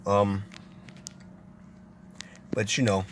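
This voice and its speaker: A man's voice: fairly low pitch, flat delivery, drawn-out words, a little hiss or hum. A man speaking in a casual monologue, preachy and emphatic, repeating phrases as he goes on. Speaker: video commentator.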